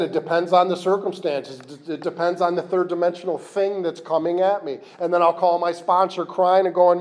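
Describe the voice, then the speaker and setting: Man, recovery meeting share, candid, rambling, slightly high voice, meeting room. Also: darkish tone. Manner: candid, rambling, self-deprecating with restarts. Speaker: AA speaker.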